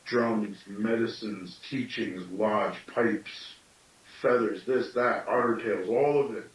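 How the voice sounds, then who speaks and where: Storyteller, male, late thirties, slightly deep, musing teaching talk, recorded far off in an echoing room. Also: takes it slowly. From Canada. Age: late 30s. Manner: thoughtful, with self-questioning asides.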